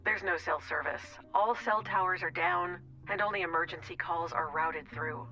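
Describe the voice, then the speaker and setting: A woman voices a grown man, a surgeon, speaking low and hushed in an audio drama. His calm carries a dry, teasing edge. Faint music plays underneath. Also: normal speed.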